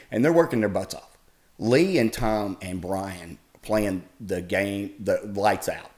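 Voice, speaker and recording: Middle-aged male guest, very low gravelly voice, folksy storyteller. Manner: folksy, animated retelling with laughs. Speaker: podcast guest. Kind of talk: casual storytelling.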